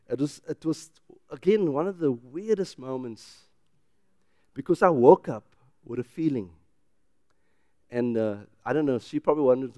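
A middle-aged man, a pastor who preaches with loud, emphatic rises and then drops into a quiet, personal telling. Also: mid-range voice, no echo, studio quality. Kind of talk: sermon.

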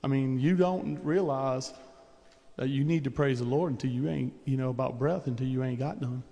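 A man's voice: medium pitch, normal speed, vocal fry, dark tone. A man preaching a sermon in a loose, conversational way, with asides and chuckles. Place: church sanctuary. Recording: long church reverb.

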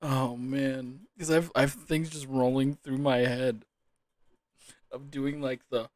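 A man's voice: medium pitch, level tone, slow, a little mellow, dry recording. A man commentating a quiz casually, giggling helplessly and fighting back tears of laughter. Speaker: gaming YouTuber.

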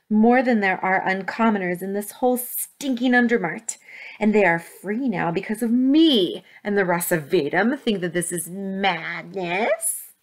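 A woman's voice: medium pitch, lightly acted. A woman voicing a boastful, scornful boy villain in a read-aloud story. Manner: taunting, scornful. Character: scheming boy turned proud villain.

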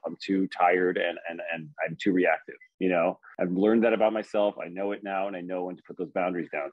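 A man with a low, husky voice talks quickly and rambles, restarting his sentences as he explains himself. The sound is dry and dull, like lo-fi call audio. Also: no echo. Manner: rambling, many restarts and fillers. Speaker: caller seeking coaching. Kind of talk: casual chat.

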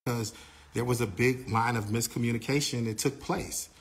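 A man in an average pitch recounts a backstage story at length. His talk is rambling and repetitive, and he slips into the voices of the people he quotes. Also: fairly even intonation, moderate pace. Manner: rambling, repeats himself, acts out quoted dialogue. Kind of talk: casual storytelling.

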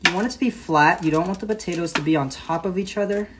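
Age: unknown. Sex: woman. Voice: quite low. Style: casual cooking livestream, chatty and rambling. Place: home kitchen with faint pan clatter behind. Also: fast talker, background noise. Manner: chatty and rambling, self-correcting. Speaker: home cook hosting a live stream.

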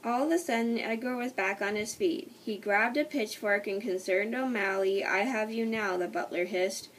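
A woman reads a children's storybook aloud at a middle pitch, careful and unhurried. She often stumbles and restarts her words. Her voice sounds distant from the mic, over a faint hiss. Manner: slow, careful reading with frequent slips and restarts. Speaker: storybook reader. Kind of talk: reading a children's book aloud.

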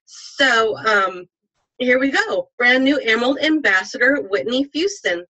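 A woman's voice: fairly high pitch, expressive, a little slow, pushed and bright, poor audio. A woman hosting a team conference call, apologetic and full of praise for the speakers. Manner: effusive, apologetic, heaps on praise.

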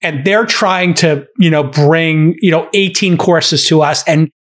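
A middle-aged man with a slightly higher voice hosts a podcast. He tells stories in casual chat, animated and often breaking into laughter. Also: unhurried, a crowd in the background. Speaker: podcast host.

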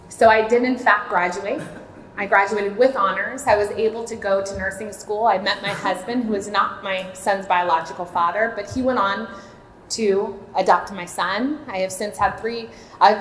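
A woman with a mid-range voice speaks openly and from the heart at a church seminar. She's a maternity home director from Florida in her late thirties, and the echoey hall carries slight background noise.

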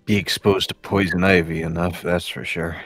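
A man chatting in a laid-back, deadpan way during a casual let's play. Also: sits low, normal speed, music in the background.

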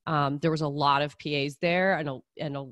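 A low-pitched woman talks in a relaxed, chatty way as she hosts an interview. She laughs easily and fills her talk with little asides. The sound is dry and close. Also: fairly quick, dry recording. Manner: chatty, laughing, lots of fillers. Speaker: podcast host, physician assistant. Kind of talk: casual interview chat.

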